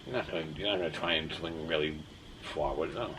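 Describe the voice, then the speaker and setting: A man's voice: rumbling low, quick pace, very noisy. A man, the vlogger's husband, chatting casually and incredulously at home.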